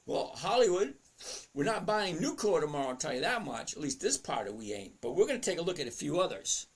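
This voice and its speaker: A man's voice: fairly high pitch, big pitch swings, fast talker, slightly rough. A man hosting a casual live stream on trading, greeting chat viewers by name in an upbeat, chatty way. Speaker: livestream host teaching stock trading.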